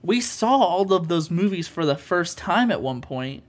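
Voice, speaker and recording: A man's voice: high-pitched, lively intonation, normal speed. Earnest rambling podcast co-host man. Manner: earnest, rambling with many fillers. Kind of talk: casual chat about films.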